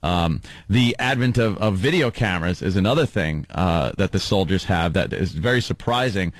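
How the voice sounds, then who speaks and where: Brief: male host, low voice, dry close sound, rambling and hesitant, casual chat. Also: expressive, moderate pace, no room sound. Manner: rambling, hesitant, filler-heavy.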